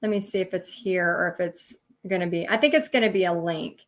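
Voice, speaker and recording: A woman's voice: lowish voice, steady tone, a little fast. A woman giving a live-streamed training talk as a business coach, earnest and emotional, rambling with many fillers.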